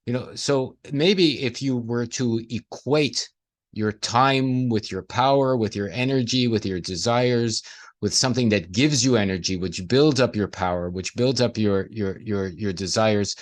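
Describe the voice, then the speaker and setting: A man's voice: medium pitch, measured pace. A man in casual conversation, talking reflectively and playing on the sounds of words.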